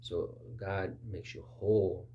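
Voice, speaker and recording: A pastor talks through his sermon conversationally, staging mini-dialogues and voicing each part in a raised pitch. His tone is steady and his pace slow; the audio sounds dull, with slight background noise.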